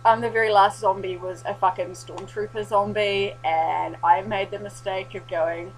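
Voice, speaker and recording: A young woman, telling a sweary, animated story in a casual vlog recap. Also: medium pitch, normal speed, few pauses, a little hiss or hum, low-quality recording. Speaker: vlogger.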